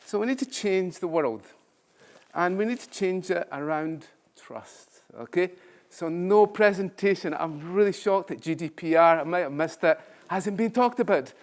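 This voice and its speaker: Older man giving a conference talk. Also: a little high. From Scotland. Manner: self-deprecating humorous storytelling. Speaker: keynote speaker, professor.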